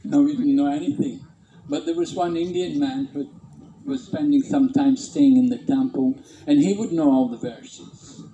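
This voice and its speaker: A man's voice: a little high, animated, moderate pace, hardly any pauses, echoey room, highs cut off, slight background noise. A man casually reminiscing about his early temple days, often chuckling. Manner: warm-humored, chuckling, imitates others. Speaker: devotee reminiscing.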